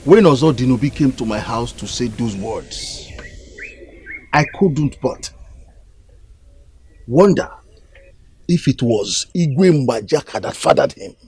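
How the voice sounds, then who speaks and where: An actor playing an elder of a kingdom, approving a prince in a drama. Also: male voice, medium pitch, animated, takes it slowly, long pauses, darkish tone, slightly rough, heavily acted, low-quality recording. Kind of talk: Nollywood film acting.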